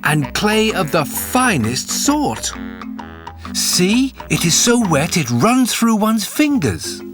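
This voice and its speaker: Guy doing silly young country lad, way up high, all excited n whooping. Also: slow, over music, exaggerated voice. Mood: pleased. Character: cheerful foolish young country man, brash.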